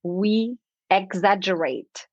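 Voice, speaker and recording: Animated woman explaining with lively examples. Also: mid-range voice, slow pace, no echo, dull audio. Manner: animated, acts out little everyday scenes, laughs often. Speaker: confidence expert guest. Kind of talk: conversational podcast explanation.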